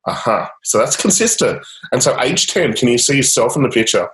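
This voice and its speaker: A man's voice: medium pitch, sing-song, fairly quick, a bit bright. A man guiding a client through a coaching session, upbeat and encouraging, with casual fillers. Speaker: change coach. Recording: roomy echo.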